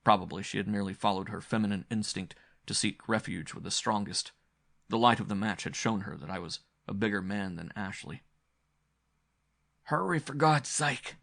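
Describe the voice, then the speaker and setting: A man's voice: on the low side, fairly even intonation, a little fast, vocal fry, fairly bright tone. A man narrating a gothic horror story in the first person, grim and dramatic. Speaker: audiobook narrator.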